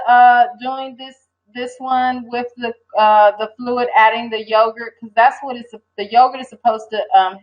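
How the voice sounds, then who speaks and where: An older woman hosting a casual livestream, talking in a rambling, hesitant way and answering viewers. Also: on the high side. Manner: rambling, hesitant, reads viewer comments aloud. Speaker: livestream host. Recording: dull lo-fi stream audio.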